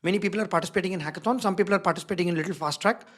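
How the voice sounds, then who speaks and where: The voice is a man's, high and a touch bright, delivered rapid-fire as he leads a live online design workshop. He's an emphatic instructor who stresses key words, repeats them, and checks in with his audience constantly.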